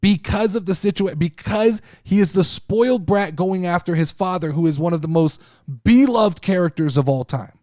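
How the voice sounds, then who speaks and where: A man hosting a casual wrestling talk show, speaking in an animated, profane way. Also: high voice, normal speed, no room sound, studio quality. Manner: animated, profane, mimics people he talks about. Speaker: podcast host.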